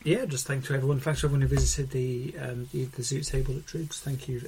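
A man's voice: mid-range voice, level tone, fast talker, mellow, slight background noise. Man, podcast co-host, casual chat, hesitant, ums and uhs, dry humor. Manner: hesitant, many fillers, dry quips.

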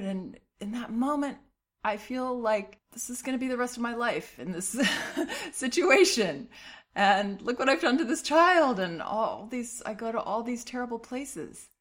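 A middle-aged woman hosting a parenting advice show, talking a listener through her letter in a calm, reassuring, encouraging way with light laughs. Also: fairly high pitch, a little slow.

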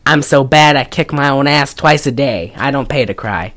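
A female podcast host with a very deep voice talks at normal speed in a rough recording, joking around about a movie in an animated way, swearing some and laughing often.

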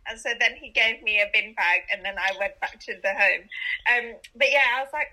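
A young woman, chatting on a video call and telling a story with lively quoted voices. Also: fairly high pitch, a little fast, rough recording. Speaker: co-host. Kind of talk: casual video call chat.

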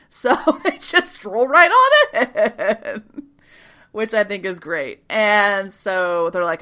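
Woman, casual chat, bright clear tone, animated, laughs often, swears, acts out lines. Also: mid-range voice, slow pace. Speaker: podcast co-host recapping a TV show.

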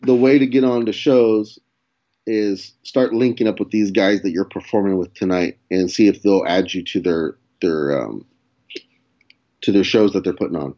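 A young man with a low, warm voice and a steady tone speaks at normal speed as a comedian guest recounting a story in casual chat. Laid-back throughout, he swears and acts out quoted lines with laughs.

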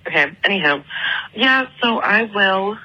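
A woman's voice: medium pitch, lively intonation, a little slow, sharp tone, dull audio. A woman in her twenties from Atlanta tells a story in a casual, chatty voicemail, full of "like" and fillers. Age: 20s. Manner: chatty, filler-heavy, lots of "like". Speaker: listener calling in with a voicemail.

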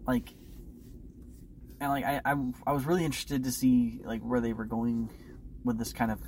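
Man, podcast co-host, dry, matter-of-fact, corrects details, average pitch, faint hiss. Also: level tone, moderate pace, a little mellow, low-quality recording. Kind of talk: casual film review chat.

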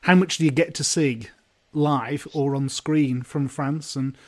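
Man, podcast host, fairly high voice, long loose questions, light laughs. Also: fairly even intonation, unhurried, a little mellow. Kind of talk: casual interview.

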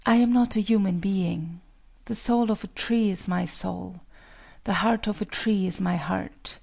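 A woman's voice: mid-range voice, creaky, a little mellow, breathy edge, exaggerated voice. A woman voicing a dying young female willow spirit, speaking feebly and pleadingly in a storybook reading.

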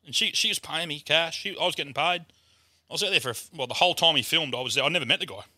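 A man's voice: fairly high pitch, very fast, dry recording, studio quality. An Australian man, a comedian, telling a crude story in casual chat. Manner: crude, swearing, animated yarn-telling. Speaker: guest comedian.

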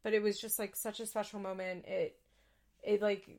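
Young woman gabbing on a podcast, lots of fry, candid and swears a lot. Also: mid-range voice, little pitch movement, moderate pace, darkish tone. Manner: candid, chatty, swears freely. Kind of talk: casual chat recapping a reality show.

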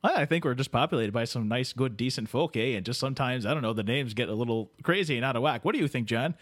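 A man's voice: mid-range voice, expressive, quick pace, dry recording, clean studio sound. A man from Canada co-hosting a podcast, joking and teasing with many fillers. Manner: jokey, teasing, full of fillers. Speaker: podcast co-host. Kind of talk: comedic podcast banter.

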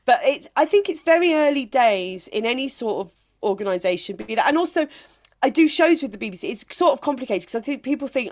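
A woman comedian, a guest on a podcast, talking in a casual, emphatic and animated way. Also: on the high side, fast. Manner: emphatic, animated storytelling with laughs.

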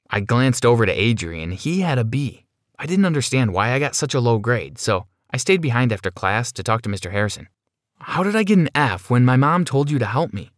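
A man narrating a first-person story in a steady, plain storytelling manner. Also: lowish voice, dry recording, studio quality.

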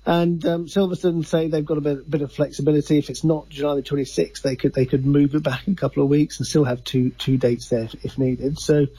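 A man's voice: fairly high pitch, level tone, a little fast, few pauses, mellow, slightly rough, no echo, rough recording. A man who is a sports journalist, hesitant, repeating words as he explains a story.

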